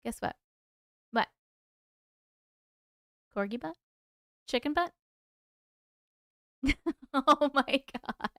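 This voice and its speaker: Chatty high-voiced woman hosting a livestream. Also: drawn-out words, pauses often, pushed and bright, no room sound, clean studio sound. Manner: chatty, laughs often, stumbles over words. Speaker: livestream host reading viewer stories. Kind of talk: casual livestream chat.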